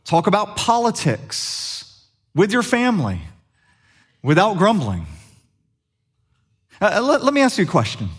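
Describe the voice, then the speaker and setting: A middle-aged man preaches a sermon, talking to his congregation like a friend and tossing them questions. His voice sits slightly high and rises and falls with plenty of life, leaning into jokes as he goes. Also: huge pitch swings, measured pace, pauses often, slightly rough. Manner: conversational, humorous, asks the congregation questions. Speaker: pastor.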